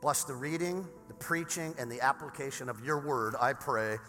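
A male pastor from Southern California preaching a sermon in a casual, animated way, with frequent restarts. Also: medium pitch, normal speed, faint music behind. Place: large church sanctuary. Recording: long reverb in a church hall.

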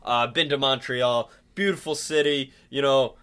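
A man's voice: mid-range voice, fairly even intonation, a little slow, a bit bright, smooth. A man co-hosting a podcast, rambling and joking in casual chat, full of fillers. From Southern US. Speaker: podcast co-host.

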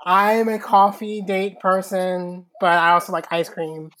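A man's voice: sits high, fairly even intonation, unhurried, pushed and bright. A man, a guest on a podcast, giving short plain answers with small hesitations. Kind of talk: casual group chat.

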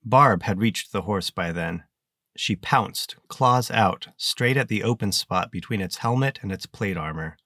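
A man with a low voice narrates an audiobook in a steady, measured way. He is recorded close on the mic, and the sound is dry and free of any room echo.

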